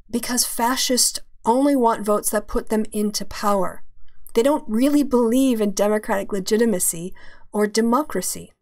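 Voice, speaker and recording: A woman hosting a casual live-stream chat, opinionated and chatty as she fumbles with her browser tabs. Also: on the high side. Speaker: podcast host.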